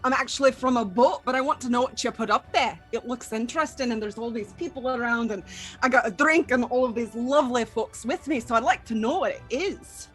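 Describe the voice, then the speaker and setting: A woman's voice: a little high, fairly quick, a bit bright, soft background music, close to an everyday voice, poor audio. A woman voicing a brash, cheeky woman from a boat, with a put-on Scottish accent.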